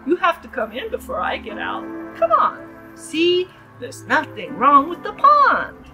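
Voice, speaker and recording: A woman reading aloud and voicing a playful young man who teases, with a Hawaii Pidgin accent and a loud, high voice. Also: wildly swooping pitch, unhurried, faint music behind, heavily acted, low-quality recording. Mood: taunting. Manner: loud, teasing, high-pitched shouting.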